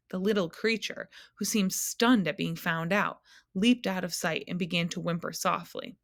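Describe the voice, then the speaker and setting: A woman teacher reading a children's novel aloud in an expressive storytelling manner. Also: on the low side, moderate pace, gravelly, dry recording, studio quality.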